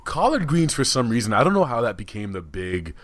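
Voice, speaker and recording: A man's voice: medium pitch, big pitch swings, brisk, fairly bright tone, no echo. A man co-hosting a comedy podcast, talking in a crude, teasing, casual way. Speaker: podcast co-host.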